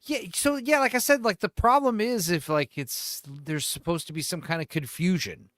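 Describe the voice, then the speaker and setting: A man hosts a casual livestream, rambling through his points with plenty of fillers. His voice is fairly high and bright, and it swoops around a lot. The sound is dry and close. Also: moderate pace, dry recording. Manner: rambling, animated, many fillers. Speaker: host.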